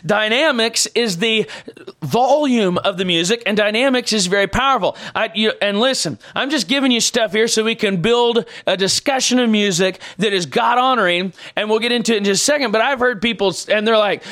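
A man's sermon voice, pitched high for a man. He is in middle age and preaches emphatically. He circles back to his points again and again. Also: a little fast, fairly bright tone. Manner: emphatic, repetitive preaching with everyday examples.

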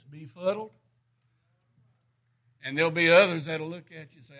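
A man's voice: fairly high pitch, fairly quick, long pauses, fairly bright tone. A middle-aged man preaching a sermon, folksy and plainspoken, rising to emphatic bursts.

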